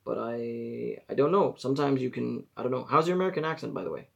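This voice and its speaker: A man's voice: medium pitch, lively intonation, fast, creaky, dull audio. A man, chatting casually on a live stream and giving rambling advice as he corrects himself. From Israel. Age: 40s.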